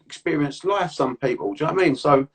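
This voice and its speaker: A man's voice: fairly high pitch, quick pace, slightly rough. A middle-aged man from South London with a South London accent, hosting a chatty, slangy podcast over a video call and laughing often. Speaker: podcast host. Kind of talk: casual chat on a video call.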